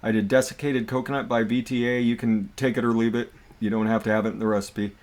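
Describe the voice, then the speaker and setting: A man hosting a casual livestream, chatting in a relaxed, jokey way with friends. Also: medium pitch, fast talker. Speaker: livestream host.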